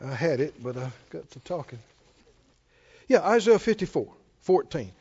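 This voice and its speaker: A man's voice: fairly high pitch, normal speed, breathy edge, dull audio. A man preaching a sermon, asking the congregation questions and chuckling often. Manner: animated call-and-response preaching, chuckling often. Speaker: pastor.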